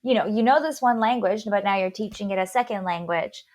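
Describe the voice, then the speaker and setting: A woman's voice: mid-range voice, a little fast, a little mellow. A woman podcast host with a slight lisp, explaining a science topic in casual chat and stumbling over long words as she goes.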